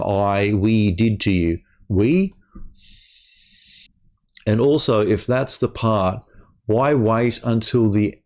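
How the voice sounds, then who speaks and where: Slow-talking exasperated man ranting. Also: on the low side, a little mellow. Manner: exasperated, swearing, stammering repeats. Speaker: gaming channel host. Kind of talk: angry personal rant to camera.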